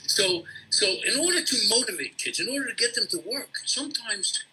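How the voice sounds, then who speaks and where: A man who once taught, telling an emotional personal story as an interview guest, halting and restarting as he talks. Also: high voice, expressive, sharp tone, slight background noise, rough recording. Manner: halting, with many restarts and repeats. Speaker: interview guest, former teacher.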